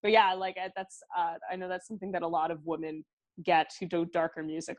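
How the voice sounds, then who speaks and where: A woman's voice: lowish voice, fairly even intonation, brisk. A woman in her thirties with a Canadian accent, a singer chatting freely as an interview guest, laughing often and filling with "like". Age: 30s. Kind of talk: casual interview chat.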